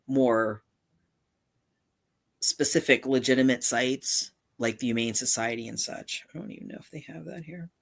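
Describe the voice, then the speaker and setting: This is a middle-aged woman hosting a relaxed livestream, and her voice sits low. She rambles from one point to the next, breaking off and restarting her sentences as she goes. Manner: rambling, with frequent restarts and asides. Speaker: channel host. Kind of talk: casual livestream commentary.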